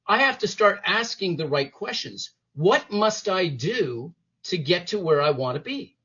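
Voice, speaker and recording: A man's voice: high voice, animated, measured pace, pushed and bright, breathy edge, highs cut off. A man being interviewed as a guest, giving motivational talk and acting out the inner voices and quotes he describes. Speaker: interview guest, former police detective.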